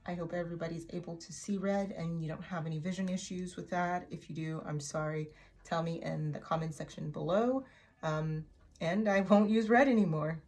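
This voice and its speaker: A woman teaching an English vocabulary lesson in a chatty way, repeating words slowly for learners to echo. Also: fairly low pitch, fairly even intonation, a little mellow. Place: in Oklahoma.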